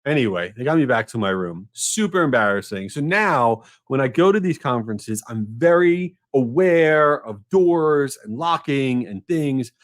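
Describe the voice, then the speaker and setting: A middle-aged man hosting a podcast, telling an embarrassing story in a casual, animated, self-mocking way. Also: measured pace, few pauses. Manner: animated, self-mocking, rising to a high squeal at punchlines. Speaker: podcast host.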